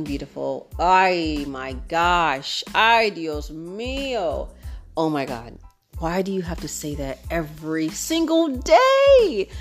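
A young adult woman with a deep voice hosts a podcast, chatting casually in a relaxed, animated way with features. When quoting friends, she switches into voices.

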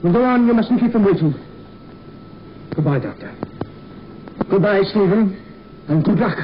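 An older actor playing an elderly, fatherly male time traveller in a 1960s television drama, with a warm, grandfatherly theatrical delivery, heard on a dull, lo-fi archive recording. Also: high voice, animated, normal speed. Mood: fatherly farewell. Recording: dull lo-fi archive TV audio with faint hiss.

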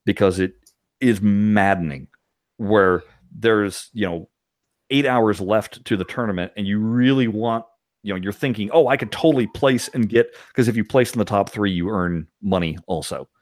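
A man hosts a podcast, chatting casually and animatedly and laughing frequently. His voice is on the low side at a moderate pace, recorded with clean studio sound and no echo.

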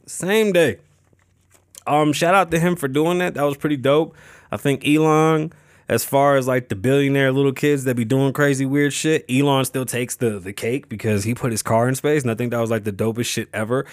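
A young man hosts his own show alone, rambling through topics in a loose, profane, offhand way. He restarts sentences and fills gaps with "um" and "you know." His voice sits at a middling pitch, recorded dry with no room sound. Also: fairly even intonation, brisk, no room sound. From Las Vegas. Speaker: podcast host. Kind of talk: casual solo podcast chat.

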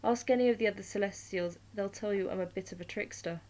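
A woman's voice: mid-range voice, fast talker, darkish tone, natural voice. A woman voicing a mischievous male trickster god in a storybook reading, with a playful, teasing delivery.

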